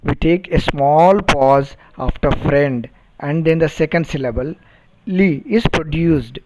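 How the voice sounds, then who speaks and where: Slow, deliberate male English teacher. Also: on the high side, background noise. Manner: repeats and spells out words deliberately; checks understanding with questions. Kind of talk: recorded phonetics lecture.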